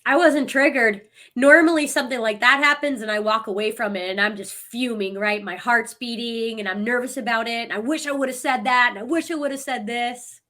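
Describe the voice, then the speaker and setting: A woman's voice: on the high side, a little fast, hardly any pauses. A middle-aged woman, a podcast guest, telling a story animatedly in casual conversation. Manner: animated storytelling with frequent laughs.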